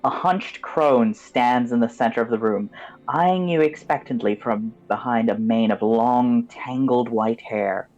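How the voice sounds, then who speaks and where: A man's voice: medium pitch, measured pace, darkish tone, lo-fi sound. A man as game master, giving vivid descriptive narration of a tabletop game and turning loose with fillers when he improvises.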